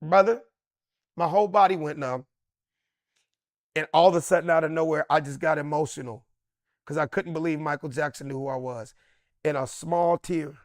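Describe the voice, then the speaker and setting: A middle-aged man, a comedian, telling a story with excitable swings into loud, high bursts. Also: dry recording, clean studio sound. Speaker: comedian guest. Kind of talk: animated storytelling.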